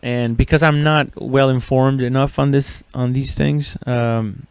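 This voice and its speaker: A man's voice: medium pitch, fairly even intonation, measured pace, smooth, dry recording. A man hosting a comedy podcast, rambling and swearing casually with lots of fillers and laughs. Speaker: podcast host.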